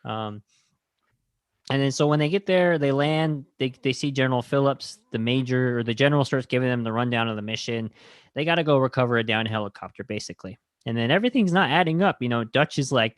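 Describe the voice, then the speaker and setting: A man's voice: mid-range voice, expressive, brisk, no room sound, clean studio sound. Man chatting casually on a podcast. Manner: enthusiastic, rambling recap with quoted movie lines. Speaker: podcast host. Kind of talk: casual film review chat.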